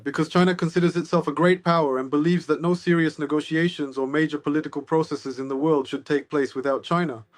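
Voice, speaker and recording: A man's voice: fairly high pitch, fairly even intonation, fast, hardly any pauses, dry recording. A man giving political analysis as an interview guest, sardonic and expansive.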